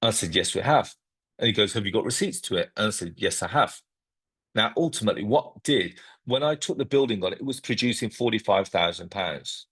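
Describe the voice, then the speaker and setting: A man with a low, husky voice tells a property story straight to camera. He acts out both sides of his phone calls in an animated way. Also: brisk. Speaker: property investor and host.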